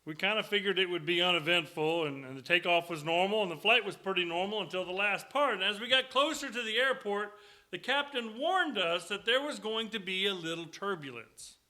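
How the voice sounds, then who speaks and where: A middle-aged man preaches in a church, his voice bright and fairly high. He tells folksy, joking stories between Scripture readings, talking easily to the congregation. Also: brisk. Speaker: guest preacher. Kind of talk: sermon with storytelling. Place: church sanctuary.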